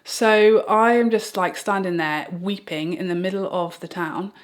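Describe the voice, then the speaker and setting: A British woman vlogger telling a personal story in a rambling, animated way, with restarts and small laughs. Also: medium pitch, unhurried. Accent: British English. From Britain. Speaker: beauty vlogger. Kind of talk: get-ready-with-me storytime.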